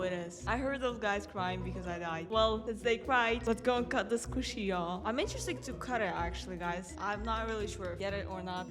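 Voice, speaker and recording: A young woman from the United States giving excitable gameplay commentary as a gaming YouTuber, shrieking when chased. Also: medium pitch. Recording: echoey with music behind.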